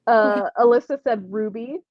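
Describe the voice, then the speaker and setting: High-pitched young woman chatting on a stream, giggly, reads chat comments, dry dull mic sound. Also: normal speed, slight background noise. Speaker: livestream host running a giveaway. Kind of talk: casual livestream chat.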